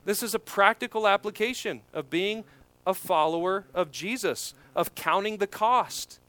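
A man preaching an expository sermon, emphatic, swelling louder on key points. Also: high voice, moderate pace. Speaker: pastor.

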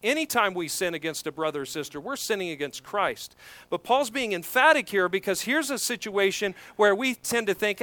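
Emphatic bright-voiced male preacher. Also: high voice, expressive, normal speed, no echo. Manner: emphatic preaching, swelling louder on key points. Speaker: pastor. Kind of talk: expository sermon.

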